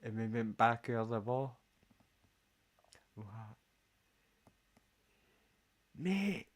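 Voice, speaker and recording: A man's voice: lowish voice, flat delivery, slow. A Scottish man in a casual, rambling chat full of jokes and swearing. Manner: jokey, rambling, swears a lot. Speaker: vlogger.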